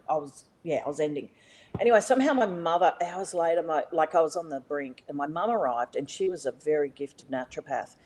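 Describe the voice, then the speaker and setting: With a low voice and blunt, animated delivery, a middle-aged Australian woman tells a personal story as a podcast guest. She swears freely and keeps restarting and using fillers in the casual telling, and the recording is rough.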